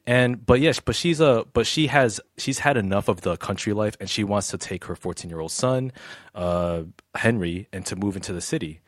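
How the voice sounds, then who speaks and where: Halting man reviewing a film. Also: on the low side, no echo, clean studio sound. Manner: halting, repeats words, laughs often. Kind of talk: casual chat.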